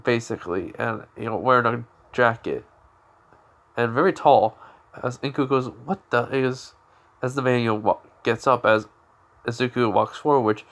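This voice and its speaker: A man's voice: medium pitch, normal speed, a bit bright. Rambling man telling a fan story. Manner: rambling, many fillers and restarts. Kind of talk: improvised fan-fiction narration.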